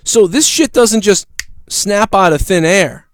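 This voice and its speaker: Profane, fast-ranting male stream host. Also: high voice, no echo, clean studio sound. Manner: profane, animated storyteller. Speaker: livestream show host. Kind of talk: casual ranting livestream chat.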